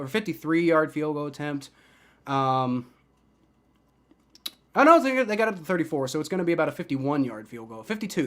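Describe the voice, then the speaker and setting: A man giving live play-by-play as a fan, thinking aloud in an unsure way and repeating himself. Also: fairly high pitch. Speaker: fan commentator.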